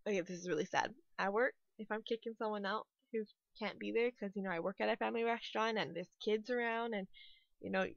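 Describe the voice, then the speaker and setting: Over a speed build, this young woman from Canada, a YouTuber and restaurant worker, rambles casually and leans heavily on "like" and "you know." She speaks at a medium pitch with a fairly bright tone, and the audio is dull with no room sound.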